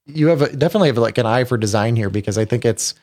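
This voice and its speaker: A man's voice: medium pitch, racing, a little mellow. A man hosting a tech podcast, talking casually in an upbeat way with many restarts. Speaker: podcast host.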